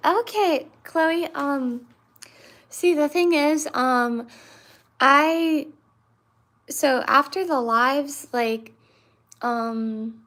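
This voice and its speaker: A woman in her twenties hosting a livestream, chatting with viewers and answering them with many pauses and fillers. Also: high-pitched, fairly bright tone. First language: English. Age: 20s. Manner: hesitant, many fillers and restarts. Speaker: livestream host.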